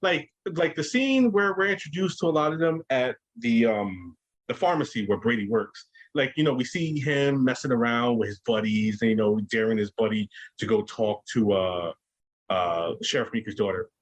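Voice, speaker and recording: A man's voice: mid-range voice, moderate pace. A man guesting on a podcast, chatting casually and profanely about movies, acting out lines in mocking voices. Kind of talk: casual chat.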